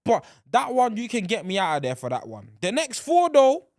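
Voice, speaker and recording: Animated man rambling on a podcast. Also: sits high, moderate pace, dry recording, clean studio sound. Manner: animated, rambling, restarts sentences often. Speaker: podcast host. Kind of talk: casual solo podcast chat.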